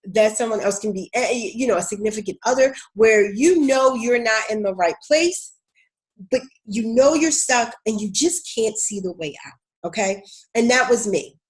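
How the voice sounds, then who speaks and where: A woman's voice: fairly high pitch, animated, normal speed. Chatty Baltimore woman career coach. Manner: candid, chatty, addresses viewers as y'all. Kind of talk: live-streamed casual talk to viewers.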